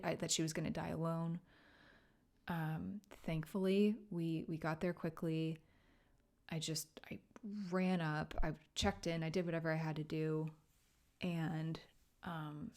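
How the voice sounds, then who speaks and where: A woman podcast host telling a personal story in a soft, halting, tearful way, often dropping to a whisper. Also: low-pitched, flat delivery. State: emotional, near tears. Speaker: podcast host and grief coach. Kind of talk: personal solo podcast monologue.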